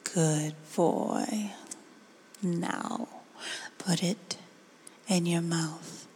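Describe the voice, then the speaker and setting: A woman in a whispered role-play, giving slow, coaxing commands in a breathy whisper. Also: lowish voice, a little hiss or hum. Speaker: ASMR performer.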